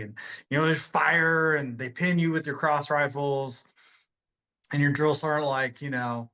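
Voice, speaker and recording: A man's voice: on the high side, steady tone, moderate pace, pushed and bright, rough recording. A man in his forties telling army stories as a podcast guest, rambling and laughing often. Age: 40s. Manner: loose, rambling, laughs often, many fillers. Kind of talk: casual storytelling chat.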